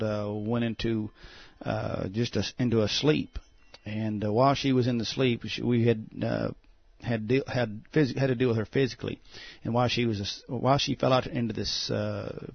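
A pastor telling a testimony as a guest on a talk show, halting and full of "uh" fillers. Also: male voice, lowish voice, gravelly, no room sound. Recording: dull, muffled sound.

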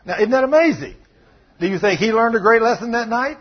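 A man preaching, telling a story and acting out the quotes with big jumps in loudness, in dull lo-fi broadcast audio. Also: very high-pitched, a little fast, breathy edge. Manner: animated, acts out quotes with big swings in loudness. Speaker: pastor. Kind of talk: sermon storytelling.

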